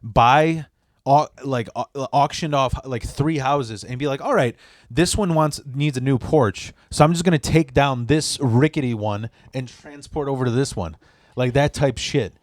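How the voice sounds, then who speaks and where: A man's voice: mid-range voice, normal speed, dry recording, clean studio sound. A man from the Chicago area telling crude work stories in casual talk, cursing often and restarting his sentences. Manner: profane, rambling with many restarts. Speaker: podcast guest. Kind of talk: casual storytelling.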